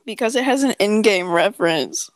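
A woman's voice: mid-range voice, expressive, normal speed, no echo. A young woman co-hosting a podcast, telling a story in a joking, profane, casual way. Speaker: podcast co-host. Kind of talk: casual chat.

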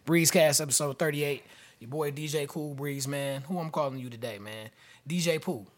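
A man's voice: a little high, moderate pace. A man in his thirties hosting a podcast, joking and trading laid-back banter with his co-host. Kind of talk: casual chat.

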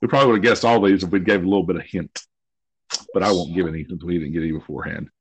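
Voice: deep voice, steady tone, very fast, husky, no room sound. A person hosting a casual guessing game with a partner at home, swearing a lot and teasing. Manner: profane, teasing. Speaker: game host.

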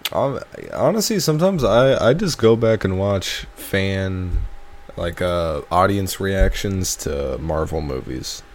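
Young male podcast co-host, low voice, lively swings, jokey casual banter. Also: takes it slowly. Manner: animated, jokey, slips into mock voices.

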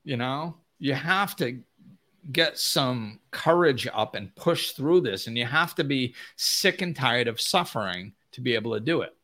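A man giving an unscripted motivational talk as a spiritual teacher, blunt and emphatic, often mimicking whiny voices in a high pitch. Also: lively intonation, a little slow, sharp tone.

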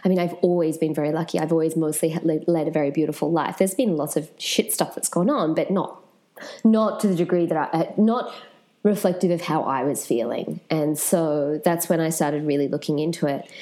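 Frank woman with a mellow, lowish voice. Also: brisk. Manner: frank, animated, swears casually. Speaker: interview guest. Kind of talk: candid personal storytelling.

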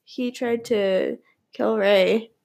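A woman's voice: mid-range voice, steady tone, very slow, gravelly, a little mellow. A woman co-hosting a casual podcast, giggling often and protesting with exaggerated quotes. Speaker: podcast co-host. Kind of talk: casual chat.

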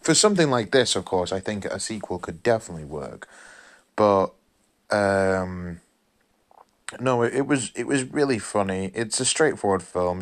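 A tired man giving a casual spoken film review, rambling and apologetic with many fillers and restarts. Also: sits low. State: tired, yawning.

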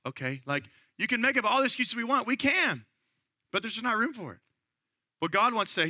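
A man in his thirties preaching a sermon, conversational and animated, acting out the voices of the people he quotes. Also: high-pitched, brisk, no echo, clean studio sound. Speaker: pastor.

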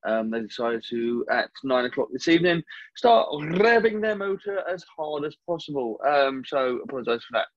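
A man's voice: mid-range voice, sing-song, normal speed, no room sound, dull audio. Man ranting on a home podcast. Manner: rambling, self-aware, frank. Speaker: podcast host. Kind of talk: casual solo podcast rant. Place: home, at night. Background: neighbour's car revving.

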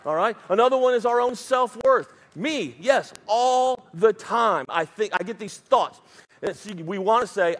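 A middle-aged male pastor preaching a sermon in a high voice. He talks fast and with emphasis, tossing quick asides to his congregation. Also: in a large hall.

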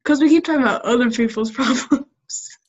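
A woman's voice: high-pitched, fairly quick. Giggly young woman, dull lo-fi sound. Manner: giggly, teasing. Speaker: podcast co-host. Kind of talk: casual chat.

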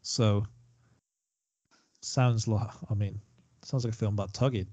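A man's voice: on the low side, steady tone, a little slow, mellow, dry recording. A man co-hosting a casual film chat, chatty and digressive, given to self-deprecating asides. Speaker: podcast co-host.

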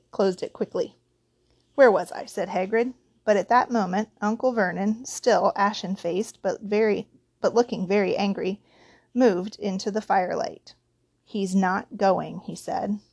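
A woman's voice: medium pitch, fairly even intonation, moderate pace, a little mellow, husky. Woman reading a storybook aloud. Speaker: audiobook narrator. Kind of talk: storybook narration.

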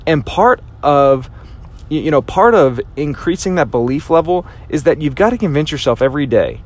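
A man giving a motivational speech, emphatic and repetitive, acting out his inner voice now and then. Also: medium pitch. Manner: emphatic, repeats phrases for impact, acts out inner voices. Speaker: motivational speaker.

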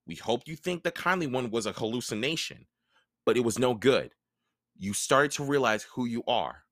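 A man voicing a nervous, touchy young male satyr with a high, hesitant voice. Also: animated, normal speed, a bit bright, no room sound, clean studio sound, lightly acted. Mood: urgent.

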